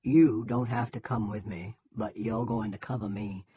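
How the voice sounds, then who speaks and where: A man voicing a violent, hotheaded young gunman with slow, menacing threats. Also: on the low side, fairly even intonation, background noise, lightly acted. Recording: dull lo-fi.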